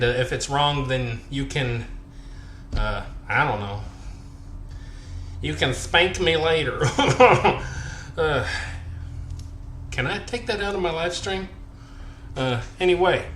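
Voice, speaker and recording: A man's voice: fairly high pitch, expressive, slow pace, long pauses, a bit bright, echoey room, a little hiss or hum. A man chatting on a workout live stream, counting reps aloud, out of breath and joking between sets. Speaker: fitness vlogger.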